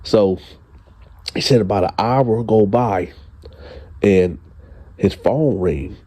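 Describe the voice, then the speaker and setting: A man telling a story in casual, colloquial slang, retelling dialogue in quick back-and-forth. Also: on the low side, dark tone, breathy edge. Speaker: storyteller host.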